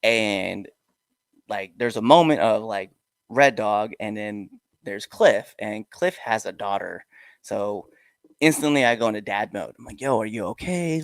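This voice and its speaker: Podcast host: middle-aged man, low voice, dry close mic, animated storyteller who mimics the people he quotes. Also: measured pace, gravelly, dry recording. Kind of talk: casual interview chat.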